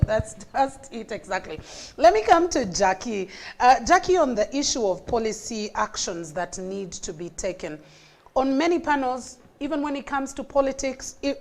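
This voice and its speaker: A woman moderating a panel discussion, lively and direct as she thanks speakers and hands over questions. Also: high voice.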